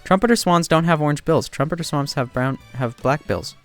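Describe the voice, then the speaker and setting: A man giving casual, joking commentary while playing a game, getting excited and loud when he spots something new. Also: a little fast, faint music behind. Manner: excitable, jumps to high squeals when spotting birds; self-deprecating, joking asides. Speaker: gaming video creator.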